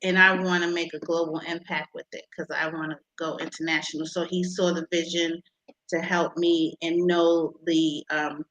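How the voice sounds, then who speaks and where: A woman being interviewed about her invention, talking with many pauses and restarts. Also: deep voice, level tone, a bit bright, low-quality recording. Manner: halting, many ums and restarts. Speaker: inventor guest.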